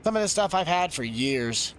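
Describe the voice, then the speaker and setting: A man's voice: a little high, big pitch swings, normal speed, slight background noise. Chatty man on a game stream. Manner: rambling, chatty, answers chat. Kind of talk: casual live-stream chat.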